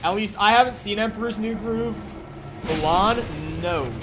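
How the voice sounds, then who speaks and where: A man's voice: high-pitched, normal speed, music in the background. Profane, rambling male streamer. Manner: rambling and profane, chatting with viewers. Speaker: gaming streamer. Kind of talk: casual live-stream chat while playing.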